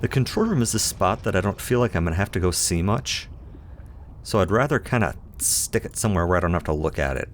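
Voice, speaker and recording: A man with a very low voice talks through his gameplay in a loose, chatty way, musing to himself and poking fun at his own choices. A faint hiss sits behind the voice. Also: expressive, fast. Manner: self-deprecating, playful. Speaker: let's play host. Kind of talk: casual gameplay commentary.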